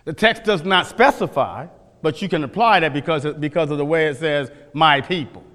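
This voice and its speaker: A male pastor teaches from scripture in a brisk, emphatic sermon, posing questions and repeating key phrases. His voice is high and bright, and a church hall's long reverb trails after it.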